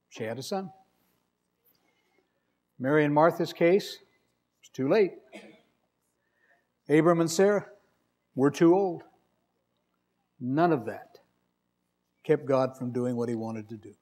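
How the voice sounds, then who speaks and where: A man's voice: fairly high pitch, takes it slowly, long pauses, a little mellow. A male preacher delivering a sermon, telling stories with dry humor and reading scripture with emphasis. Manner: wry, conversational storytelling with emphatic scripture reading.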